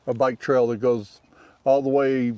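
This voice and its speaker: A man's voice: medium pitch, flat delivery, measured pace, a little mellow, clear, resonant tone, no room sound. A man chatting casually while walking a trail outdoors, joking and teasing often. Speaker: vlogger.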